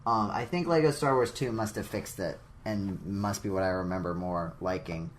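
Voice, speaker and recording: A man's voice: deep voice, moderate pace, slight background noise. A man co-hosting a casual gaming podcast, rambling with lots of fillers and playfully hamming up his sign-off. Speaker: podcast co-host.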